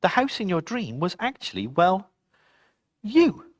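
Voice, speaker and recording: A storyteller voicing a wise mother who speaks in a calm, soothing way. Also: mid-range voice, no echo, studio quality. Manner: soothing and slow.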